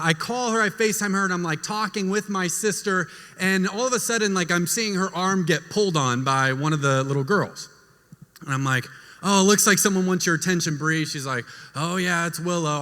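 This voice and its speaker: A young man tells a story to a group of young adults and slips into voices for the people in it. His voice is bright and sits a little high. Long reverb from a large hall trails after his words. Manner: animated storyteller, acts out family voices. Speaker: youth speaker.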